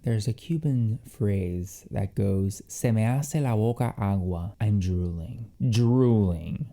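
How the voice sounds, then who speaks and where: A man's voice: on the low side, takes it slowly, dark tone. A man hosting a fragrance review vlog, moving between reading scripted perfume descriptions and gushing, theatrical reactions.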